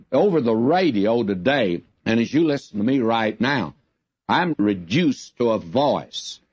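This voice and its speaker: An older man gives a radio Bible teaching at a very slow, deliberate pace, drawing out words he wants to land. His folksy, earnest delivery sits in a dry, close sound. The recording is dull and lo-fi, like an old radio broadcast. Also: lowish voice, a little mellow, breathy edge, dry recording. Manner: earnest, folksy, drawn-out emphasis.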